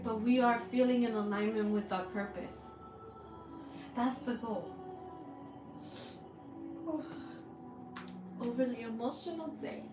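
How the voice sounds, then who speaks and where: A woman hosting a spiritual tarot reading, speaking slowly and with open emotion. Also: a little high, reverberant, far from the mic. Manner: slow, heartfelt and emotional, with drawn-out words. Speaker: spiritual reader, channel host. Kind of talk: tarot energy reading, personal sharing.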